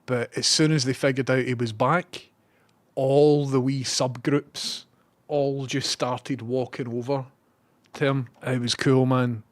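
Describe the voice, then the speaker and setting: A man's voice: medium pitch, steady tone, slow pace. A man with a Scottish accent, a live streamer telling a rambling story and reading out viewer messages.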